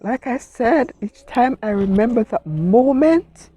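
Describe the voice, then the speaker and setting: Slow, heartfelt middle-aged woman. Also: on the high side, animated, warm tone. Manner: heartfelt, emotional storytelling with quoted speech. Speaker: guest, cancer survivor. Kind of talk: personal testimony.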